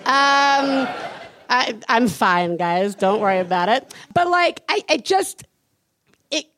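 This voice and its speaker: Animated woman telling a story on stage. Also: a little high, slow. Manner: animated storyteller, acts out screams and chants. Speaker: podcast co-host. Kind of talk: live podcast storytelling. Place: live stage before an audience.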